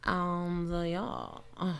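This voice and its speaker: A woman's voice: fairly low pitch, wildly swooping pitch, extremely slow, creaky, smooth. A woman with a New York accent co-hosting a chat show, brash, profane and boastful in casual talk. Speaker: podcast co-host.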